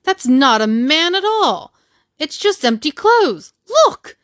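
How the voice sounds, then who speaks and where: A man's voice: extremely high pitch, slow pace, no echo, studio quality, pitched above the performer's own voice, heavily acted. Woman reading as an astonished villager. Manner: excited, exclaiming. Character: startled villager gawking at empty clothes.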